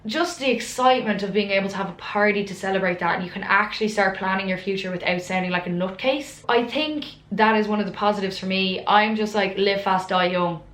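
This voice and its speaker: In a roomy, echoing recording, a young Irish woman in her twenties vlogs a casual Q&A to camera. Her mid-range voice is a little bright and brisk, with few pauses, and she talks in a chatty, frank way while poking fun at herself.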